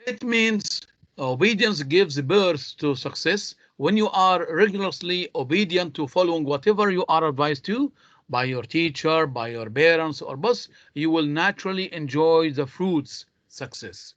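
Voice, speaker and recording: A man's voice: fairly high pitch, animated, measured pace, fairly bright tone, dry recording. A man teaching English in an online class. He speaks, his tongue is Arabic, and he explains patiently, step by step. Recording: dull lo-fi online call audio.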